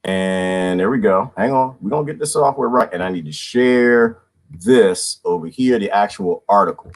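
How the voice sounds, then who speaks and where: A man's voice: fairly low pitch, moderate pace. A man in his twenties ranting casually on a livestream, slangy and laughing often. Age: 20s. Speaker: vlogger.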